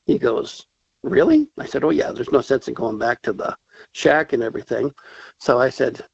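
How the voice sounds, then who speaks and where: A man's voice: medium pitch, fairly even intonation, brisk, gravelly, breathy edge, no echo, muffled recording. A man calling in to a talk show, telling a story casually and animatedly, acting out the voices he quotes. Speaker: caller.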